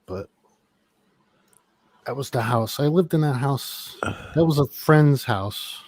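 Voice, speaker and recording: A man's voice: medium pitch, takes it slowly, a little mellow, no room sound. A middle-aged man casually telling a long, rambling story with plenty of swearing. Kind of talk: casual chat.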